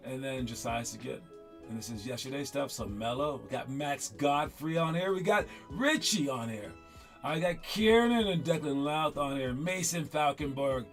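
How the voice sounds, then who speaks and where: A man coaching young basketball players in casual, rambling talk that often repeats itself. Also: a little high. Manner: rambling, upbeat, repeats himself.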